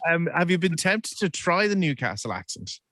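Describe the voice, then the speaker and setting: An Irish man hosting a morning radio show, upbeat, with quick patter. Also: on the high side, sing-song, fairly bright tone. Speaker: radio host.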